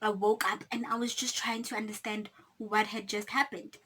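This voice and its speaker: A young South African woman in her twenties telling a storytime vlog, animated and dramatic, acting out quotes and laughing. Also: mid-range voice, normal speed, slightly rough. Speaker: YouTuber.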